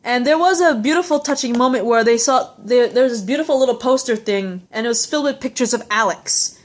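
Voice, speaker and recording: A woman's voice: fairly high pitch, fairly quick. A young woman recapping a TV episode in a rambling, heartfelt, casual way, full of fillers and restarts.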